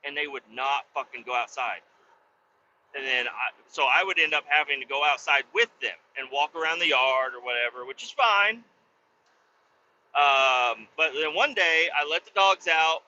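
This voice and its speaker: A man's voice: on the high side, normal speed, bright, forceful tone, lo-fi sound, a little hiss or hum. A man hosting a podcast, telling a story in casual, profane, laid-back talk while driving a car. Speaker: podcast host.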